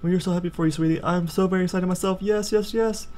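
Young guy doing a cheery mom, high sing-song voice, gushing, game dialogue read aloud. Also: steady tone, fast talker, warm tone, a little hiss or hum, close to an everyday voice.

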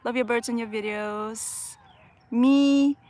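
A woman's voice: fairly high pitch, moderate pace, fairly bright tone, dry recording. A young woman hosting a casual live chat, reading viewer comments aloud and answering chattily, laughing often. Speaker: livestream host answering viewer questions.

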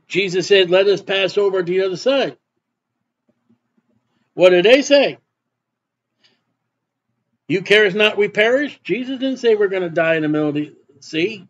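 High-voiced male preacher, lo-fi recording. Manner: reads verses then explains in plain asides. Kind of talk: sermon, Bible reading with commentary.

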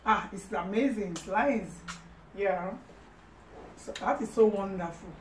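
A woman's voice: medium pitch, unhurried, a little hiss or hum. A woman with a Nigerian accent hosts a casual eating-show vlog. She teases, laughs often and slips into pidgin. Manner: playful, laughs often, teasing, mixes in pidgin. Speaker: vlog host. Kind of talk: casual mukbang chat. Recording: roomy sound from a distant mic.

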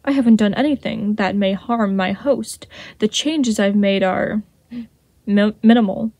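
A woman voicing a sly, snake-like male deceiver in a storybook reading, with a smooth, honeyed manner. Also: medium pitch, unhurried, darkish tone, no room sound. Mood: silky. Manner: purring and mocking.

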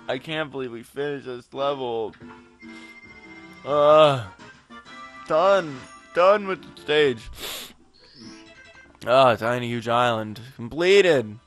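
A man giving casual gameplay commentary, frustrated and profane, rambling while a bit tipsy. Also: mid-range voice. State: tipsy from drinking. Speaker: let's play gamer.

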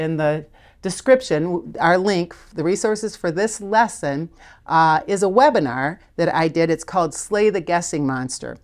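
A woman with a slightly low voice leads a recorded spelling lesson. She talks through patterns conversationally and keeps checking in with her learners to encourage them. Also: darkish tone. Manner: encouraging, conversational teaching with frequent check-ins. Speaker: literacy teacher. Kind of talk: instructional video lesson.

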